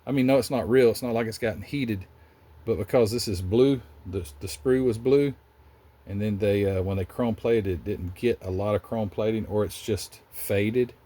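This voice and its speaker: A man's voice: fairly low pitch, moderate pace, dark tone. A man with a Southern US accent, hosting a casual, rambling chat about model car building in his hobby workshop. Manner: rambling, chatty, self-interrupting.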